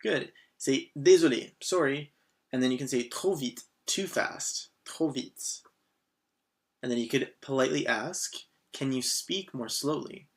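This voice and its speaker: With a medium-pitched, unhurried voice, a man teaches a beginner language lesson as scripted narration. He is patient and encouraging, using many short prompts and repetition while moving between English and French phrases.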